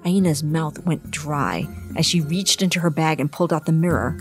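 A woman reading her own story aloud in an expressive storybook narration. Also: sits low, unhurried, faint music behind. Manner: expressive, varies voices for characters.

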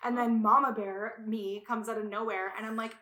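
A young woman tells a story in a casual podcast chat, her voice bright and forceful. She swears freely and bursts into loud acted-out quotes. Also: a little high, moderate pace, a little hiss or hum. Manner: animated, swearing, acts out quotes loudly. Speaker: podcast guest.

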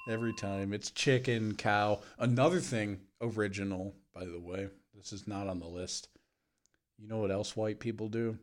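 Podcast co-host, man, low-ish voice, sarcastic and profane, laughs easily. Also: fairly even intonation, normal speed. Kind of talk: casual chat.

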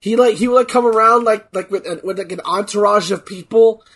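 A man co-hosting a casual chat, excitable and swearing freely, his voice cracking from being sick. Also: high voice, fairly quick. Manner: excitable, swears, laughs often. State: voice cracking from illness. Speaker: podcast co-host.

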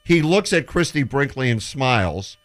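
Lively storytelling man on the radio. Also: medium pitch, moderate pace. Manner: animated storyteller who acts out quotes. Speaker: sports broadcaster telling stories. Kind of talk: casual radio show chat.

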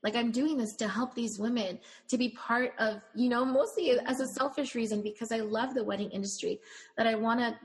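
A woman's voice: fairly high pitch, fairly quick. A woman who owns a bridal shop, telling emotional stories with quoted dialogue in a conversational interview. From Latina. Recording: long room reverb.

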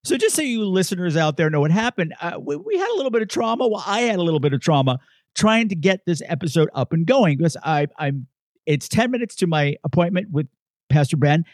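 A man hosting a podcast in casual chat, theatrical and excitable, laughing easily. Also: high-pitched, fairly quick, no echo, studio quality. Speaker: podcast host. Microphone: podcast microphone.

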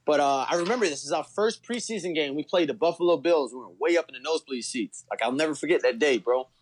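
A man's voice: fairly high pitch, fast. A man from Baltimore with a Baltimore accent, talking eagerly as a guest on a sports podcast. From Baltimore, USA. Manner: enthusiastic, talkative, says "bro". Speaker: guest fan. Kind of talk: casual sports podcast chat.

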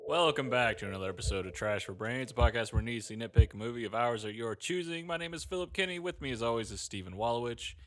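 A man's voice: mid-range voice, lively intonation, fast talker, hardly any pauses, fairly bright tone. A man hosting a podcast, chatting casually with dry, offhand remarks. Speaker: podcast host. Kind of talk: casual chat.

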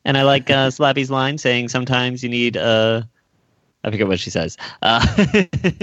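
A man co-host with a mid-range voice talks haltingly, filling pauses with "uh" and laughing between phrases. The recording is dull and lo-fi, with a very dry sound. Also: mid-range voice, a bit bright, no echo. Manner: halting, laughs while talking, many "uh"s. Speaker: podcast co-host. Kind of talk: casual chat.

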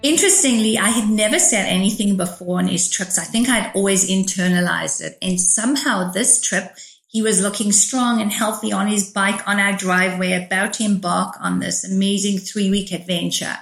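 A woman's voice: medium pitch, moderate pace, gravelly, a bit bright. A middle-aged woman, an author, telling a personal story as an interview guest in a vivid, emphatic way. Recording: roomy echo.

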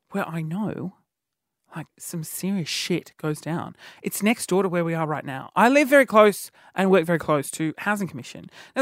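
A man hosting a show from a studio, telling comedic stories in a rambling, animated way with lots of fillers. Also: high voice, dry recording. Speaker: podcast host. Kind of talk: comedic monologue.

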